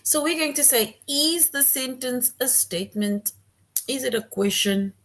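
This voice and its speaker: A woman's voice: high-pitched, lively intonation, measured pace, fairly bright tone. A woman teaching a grammar lesson to young children, patient and repeating her points, often checking in with "right?".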